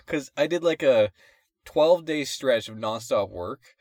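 A man's voice: mid-range voice, expressive, slow pace, no room sound. A young man co-hosting a casual podcast, complaining and swearing, laughing often as he tells his stories. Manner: laughs often while ranting, swears a lot. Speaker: podcast co-host. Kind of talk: casual chat.

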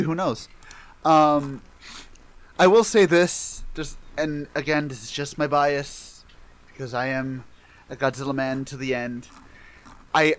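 A man in a casual podcast chat about a film, excitable and jokey, swearing now and then. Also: mid-range voice. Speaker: podcast co-host. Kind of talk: casual chat, movie review.

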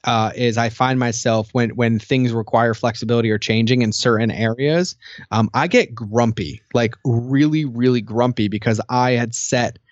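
A man's voice: medium pitch, moderate pace, no room sound, lo-fi sound. A man co-hosting a podcast in casual chat, telling stories animatedly and acting out quotes. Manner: animated storytelling, acts out quotes, many fillers. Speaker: podcast co-host.

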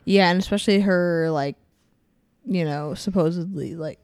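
Low-voiced woman in relaxed chat. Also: smooth, no echo. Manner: relaxed, backchannels often, loose halting phrasing. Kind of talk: casual chat.

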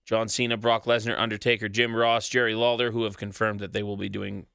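Male podcast co-host, bright forceful voice, dry close sound, swears casually. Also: on the low side, little pitch movement, fairly quick, creaky, clear, resonant tone, dry recording. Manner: profane, rattles off long lists.

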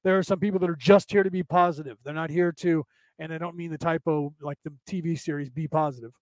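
A man's voice: fairly high pitch, steady tone, fast, a little mellow, no echo. A man hosting a casual spiritual talk show, rambling, repeating himself and often asking "right?" as he reads comments from his listeners. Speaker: podcast host.

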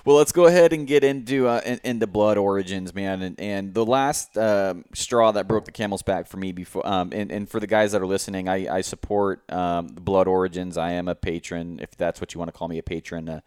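Low, crisp-voiced man hosting a podcast. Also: fairly even intonation, darkish tone, no echo, clean studio sound. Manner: rambling, halting with many restarts, laughs often. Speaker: podcast host. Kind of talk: casual podcast conversation.

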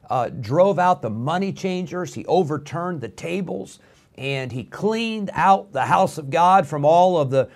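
Man preaching, middle-aged pastor, fairly high voice, earnest, many "uh" fillers, fervent emphasis. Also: a little mellow. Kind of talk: radio sermon.

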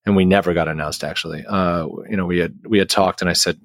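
A man's voice: low-pitched, fairly even intonation, fast, no room sound, studio quality. A man who is a guest musician, telling a long story in a casual interview, rambling with many restarts and fillers.

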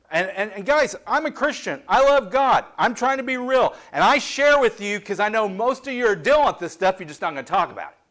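Candid, high-voiced preacher man. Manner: candid, self-deprecating, conversational preaching with lively swings in pitch and volume. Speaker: pastor. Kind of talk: sermon.

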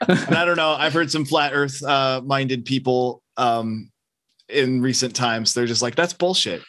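A man guesting on a casual podcast chat, talking in a halting way and often repeating words as he thinks. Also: medium pitch, level tone, fairly bright tone.

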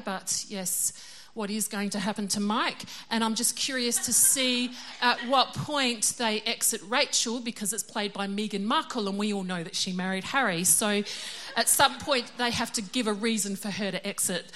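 A woman's voice: fairly high pitch, bright, forceful tone. A middle-aged woman giving a casual, chatty sermon. She is self-deprecating and laughs often. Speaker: preacher.

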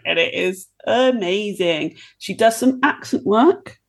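A woman's voice: mid-range voice, slow pace, vocal fry. A woman, a podcast guest chatting with enthusiastic, gushing praise. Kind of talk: casual chat.

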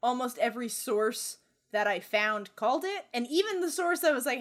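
A woman's voice: on the high side, lively intonation, moderate pace, a bit bright. A young woman casually retelling a legend on a podcast, rambling, swearing freely and giggling. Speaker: podcast co-host. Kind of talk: casual storytelling.

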